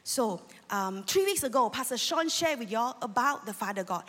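A woman's voice: a little high, lively intonation, moderate pace, a bit bright. A woman in her fifties with a Malaysian English accent, preaching a sermon in a church with earnest, emotional fervor and rallying calls to the congregation. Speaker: lay preacher. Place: church sanctuary. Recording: long reverb of a church hall.

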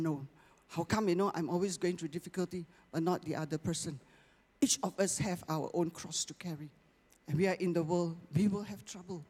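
A preacher giving a sermon, often checking in with the congregation with "okay?" and "right?", and slowing down on scripture lines. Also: mid-range voice, darkish tone, slightly rough. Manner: slows down and lifts the voice on scripture lines. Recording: long reverb of a large hall.

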